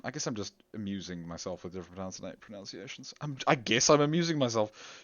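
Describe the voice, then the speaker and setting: A man's voice: fairly low pitch, fairly quick, a bit bright, dry recording. A man commenting casually on his gameplay, rambling and chuckling at himself. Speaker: gameplay video host. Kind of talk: casual let's-play commentary. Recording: dull lo-fi audio with faint game music.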